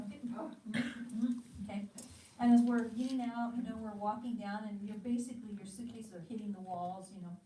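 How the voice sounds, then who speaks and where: American woman telling animated stories. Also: mid-range voice, fairly quick, a little hiss or hum. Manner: animated, acts out quoted thoughts. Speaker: ministry teacher. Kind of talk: storytelling teaching talk. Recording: echoey room, mic at a distance.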